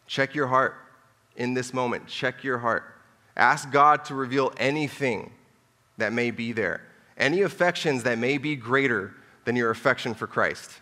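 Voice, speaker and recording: A man preaches a sermon in a loose, chatty style, full of asides and repeated phrases. His voice is bright and forceful. It carries a long reverb from a church hall. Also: mid-range voice, normal speed. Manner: conversational, joking asides, repeats for emphasis.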